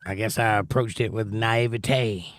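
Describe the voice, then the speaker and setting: A man's voice: lowish voice, steady tone, measured pace, dry recording, clean studio sound. A man hosting a casual livestream, reading viewer comments aloud and joking about them. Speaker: livestream host reading chat. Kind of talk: casual chat. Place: home livestream setup.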